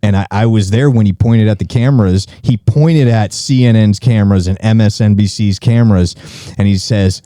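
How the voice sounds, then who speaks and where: A man's voice: lowish voice, moderate pace, warm tone, no echo, studio quality. A man co-hosting a podcast, telling stories in a casual, profane way and often repeating words as he starts a sentence. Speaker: podcast co-host.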